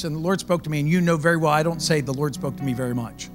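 A male pastor delivers a sermon as a loud, conversational story. His voice sits a bit high for a man. Guitar music plays clearly underneath him. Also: rapid-fire, few pauses.

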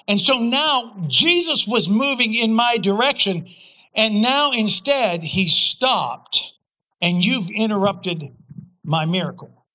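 A man preaching a sermon as pastor, telling a story with humor and sudden loud outbursts. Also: high-pitched, animated, slow pace, rough recording.

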